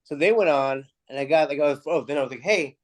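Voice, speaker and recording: A man, a music promoter, telling animated backstage anecdotes in a casual interview, acting out dialogue and swearing freely. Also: a little high, fast talker.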